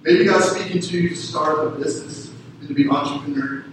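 A man's voice: fairly high pitch, fairly even intonation, brisk, background noise. A man preaching a sermon, emphatic and repeating his key phrases for effect. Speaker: pastor. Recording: echoey room heard from a distance.

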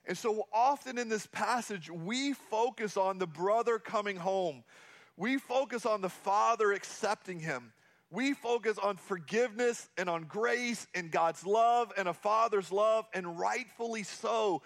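A man's voice: high voice, measured pace, a bit bright. A man preaching a sermon as a pastor, earnest and repeating key phrases for emphasis.

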